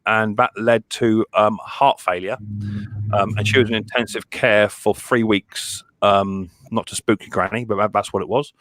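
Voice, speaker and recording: A man hosting a casual live stream chat, rambling and halting, with many restarts and fillers. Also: on the low side, steady tone, fairly bright tone, dry recording, clean studio sound.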